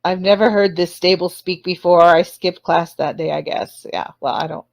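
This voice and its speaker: A woman's voice: fairly low pitch, steady tone, normal speed, creaky, hardly any pauses, no room sound. A woman hosting a casual livestream chat, rambling and laughing often between apologetic asides. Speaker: livestream host.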